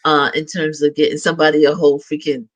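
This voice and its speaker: Male interview host, slightly high voice, sincere and encouraging delivery. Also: level tone, fast, muffled recording. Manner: affirming, earnest. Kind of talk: interview chat.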